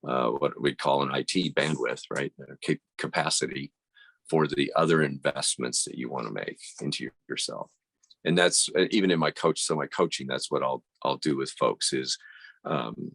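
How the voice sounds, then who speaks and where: A man's voice: extremely low pitch, fairly bright tone, no echo. A man talking as a podcast guest and coach, reflective, explaining through analogies with frequent restarts. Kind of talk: casual conversation.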